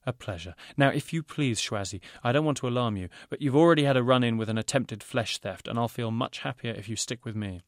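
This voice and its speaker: A man voicing a fussy male fashion designer who talks in rapid, pompous salesman's patter. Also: medium pitch, no room sound, clean studio sound, close to an everyday voice. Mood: courteous eager.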